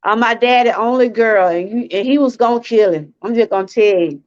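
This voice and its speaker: A woman's voice: on the high side, fairly quick, a little mellow, muffled recording. A woman from Georgia, hosting a live-stream testimony talk, earnest and repeating herself as she speaks straight to her viewers. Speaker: channel host.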